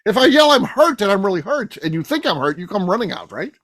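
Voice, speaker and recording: A man hosting a casual roundtable podcast, telling animated stories and swearing freely. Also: high-pitched, fast talker, no echo. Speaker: podcast host.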